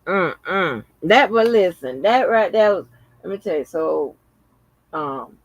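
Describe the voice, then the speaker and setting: A man talks to his channel audience in a loose, rambling vlog style, with frequent exclamations and plenty of swearing. His voice sits a little high and his delivery is slow and unhurried. The sound is close and dry. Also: animated, no room sound, low-quality recording. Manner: chatty, profane, exclamatory, addresses viewers as y'all. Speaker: channel host. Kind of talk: casual vlog commentary.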